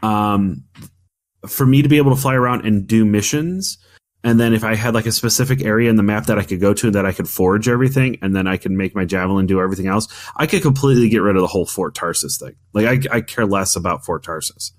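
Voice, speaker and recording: Guy on a gaming podcast, lowish voice, rambles and restarts a lot, pretty opinionated. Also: quick pace. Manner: rambling, many restarts and fillers; opinionated, argumentative. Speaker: podcast co-host. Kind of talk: casual gaming chat.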